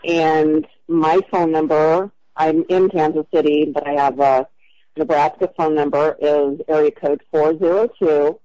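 A woman's voice: low-pitched, fairly even intonation, measured pace, mellow, no room sound, muffled recording. An older woman calling about an ad, leaving a hesitant, patient voicemail and repeating herself. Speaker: caller answering an ad.

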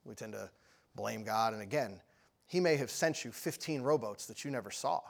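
A man preaching a sermon, telling a story with lively energy and often asking the audience questions. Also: on the low side, normal speed, gravelly.

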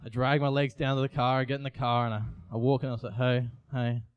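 A man's voice: medium pitch, level tone, quick pace, clear, resonant tone, no room sound, lo-fi sound. A young man, giving an earnest, confessional sermon with frequent restarts. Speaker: youth preacher. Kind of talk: personal sermon.

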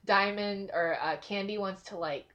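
A woman's voice: medium pitch, normal speed, fairly bright tone, muffled recording. A woman recapping a cartoon episode in casual chat, rambling with frequent likes and laughs.

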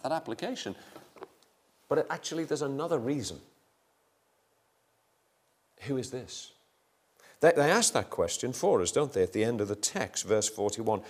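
An older man preaching a sermon, moving between quiet asides and loud, dramatic retellings. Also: a little high.

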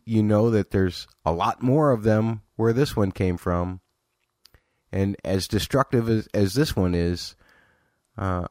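Male podcast host, very low voice, chatty review, close dry mic. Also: dry recording. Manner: chatty, self-correcting, exasperated asides. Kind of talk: casual TV episode review.

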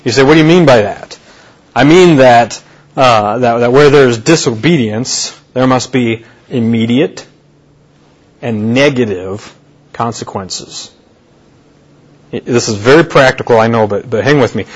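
A man's voice: medium pitch, a little slow, breathy edge. A male pastor preaching a sermon in a conversational way, repeating key phrases for emphasis. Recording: dull lo-fi sermon recording.

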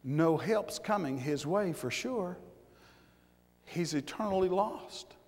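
High-pitched preacher man in echoing church. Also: expressive, takes it slowly. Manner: repeats words, shouts in bursts. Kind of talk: fiery sermon. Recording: church hall with long reverb.

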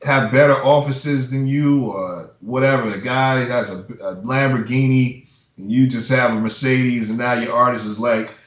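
A man's voice: medium pitch, normal speed. Blunt, cursing man in a roomy space. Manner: blunt, profane, heated ranting. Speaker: music publisher. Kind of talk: casual advice talk in an interview. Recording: roomy echo.

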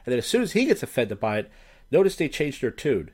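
A man's voice: mid-range voice, very animated, fast, a little mellow, slight background noise. A man hosting a casual commentary show on viral clips, talking in a blunt, profane, sardonic way. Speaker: host.

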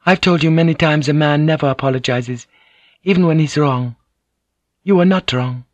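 A man reading an audiobook, voicing a gracious young Japanese noblewoman who speaks calmly in formal, measured phrases. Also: a little high, dry recording, dull audio, pitched above the performer's own voice, close to an everyday voice. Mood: calm, gentle.

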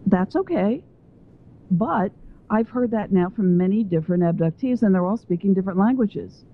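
A woman's voice: mid-range voice, animated, normal speed. A woman guest on a phone interview who talks at length and wanders between points as she explains her ideas. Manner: talkative and digressive. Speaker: guest author. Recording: tinny phone line.

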